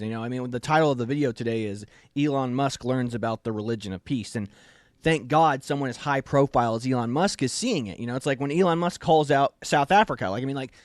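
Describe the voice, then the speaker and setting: A man's voice: medium pitch, dry recording, studio quality. A man hosting a talk show, giving emphatic, indignant commentary. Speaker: show host.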